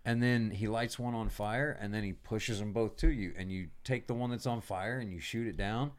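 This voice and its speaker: A man hosting a podcast, casually telling a profane, animated story about his navy days. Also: lowish voice, moderate pace. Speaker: podcast host.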